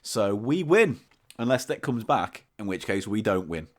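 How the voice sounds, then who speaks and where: A man co-hosts a comedy podcast, reading passages aloud from a book. His delivery bounces through a wide, animated pitch range. He breaks off for deadpan digs at his partner. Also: normal speed. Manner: reads aloud from a book, teasing and deadpan asides. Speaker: podcast co-host reading a story. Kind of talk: comic podcast banter.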